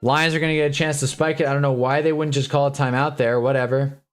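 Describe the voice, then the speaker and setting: A man's voice: medium pitch, steady tone, quick pace, faint music behind. A tired young man giving casual, rambling live football commentary with sarcastic asides. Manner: laid-back, rambling, sarcastic asides, frequent "whatever" and "anyway". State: tired, yawning. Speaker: football watch-along streamer.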